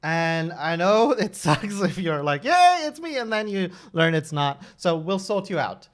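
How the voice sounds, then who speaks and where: A man's voice: fairly high pitch, a little slow. A man in his thirties chatting casually on a live stream, talkative and often restarting and correcting himself. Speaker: streamer and level designer.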